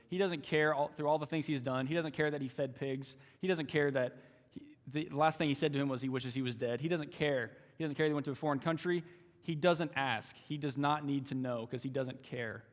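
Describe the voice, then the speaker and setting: A young man giving a sermon as a youth ministry intern, emphatic and repetitive, often dropping into quieter asides. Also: mid-range voice. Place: church sanctuary. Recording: long church hall reverb.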